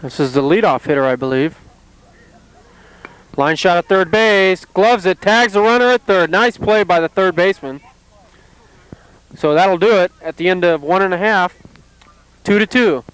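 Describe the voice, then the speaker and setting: High, clear-voiced softball play-by-play man. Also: moderate pace, pauses often, rough recording. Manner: calm, steady, plainly descriptive calls. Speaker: play-by-play announcer. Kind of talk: amateur softball play-by-play commentary. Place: outdoors at a softball field.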